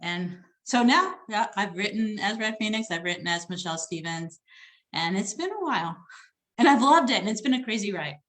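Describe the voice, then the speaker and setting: A woman romance author in a relaxed conversation, chatty and given to repeating herself and laughing. Her voice sits in an ordinary middle pitch. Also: a little fast. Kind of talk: casual chat.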